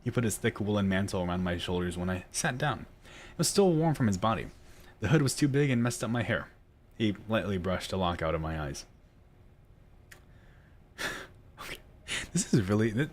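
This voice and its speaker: Low-voiced male gaming host, reads lore aloud casually, laughs and trips over words. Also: sing-song, a little fast, long pauses, a little hiss or hum. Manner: chatty, laughs often, stumbles while reading. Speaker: let's play host.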